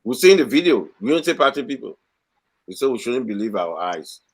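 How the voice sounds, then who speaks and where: A man's voice: medium pitch, very animated, brisk. A man on a talk show panel, bluntly directing calls.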